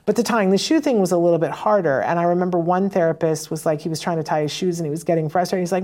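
A parent educator on autism teaching walks parents through techniques in relaxed, casual instruction, often checking in with "right?" and briefly acting out both sides of short exchanges in a livelier voice before resuming. Her voice is lowish, and she talks fast with few pauses.

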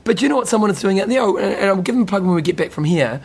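A man, co-hosting a podcast, trading quick, teasing banter. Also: high voice, expressive, husky. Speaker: podcast co-host. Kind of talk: casual chat. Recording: faint background noise.

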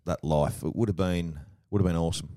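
A man's voice: low voice, a little fast, mellow, no echo, studio quality. An Australian man hosting a podcast, chatty and rambling with a jokey streak. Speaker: podcast host. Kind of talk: casual interview chat.

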